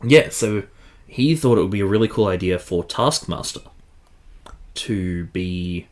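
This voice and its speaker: Young male podcaster, lower voice, dry jokey asides. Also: expressive, unhurried. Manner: wry, joking asides. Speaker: podcast co-host. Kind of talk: casual chat.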